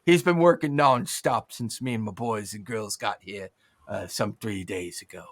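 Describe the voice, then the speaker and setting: A man voicing a chummy goblin worker who speaks softly and apologetically. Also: on the low side, normal speed, no echo, voice pushed down. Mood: apologetic.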